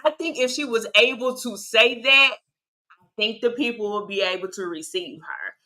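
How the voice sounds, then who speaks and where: Bright-voiced woman giving her opinions. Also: a little high, normal speed. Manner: animated, opinionated, laughs often. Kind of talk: casual reality-TV gossip chat.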